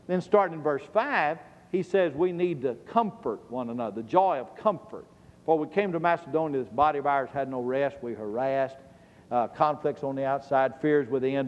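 A middle-aged man teaching a Bible lesson sermon-style, emphatic and quizzing his listeners with questions he then answers. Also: a little high. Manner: emphatic, asks the audience questions and answers them. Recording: long reverb of a large hall.

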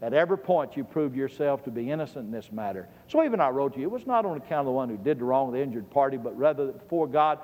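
Emphatic preacher in a reverberant hall. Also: male voice, mid-range voice, expressive, fast talker, few pauses, darkish tone. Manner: emphatic, asks the audience questions and answers them. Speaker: preacher teaching a Bible lesson. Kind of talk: sermon-style Bible lesson. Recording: long reverb of a large hall.

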